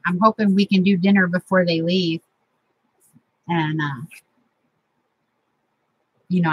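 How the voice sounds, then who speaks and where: A woman's voice: fairly low pitch, husky, dry recording, low-quality recording. A middle-aged woman, chatting casually and sentimentally as host of a crafting vlog from her home craft room.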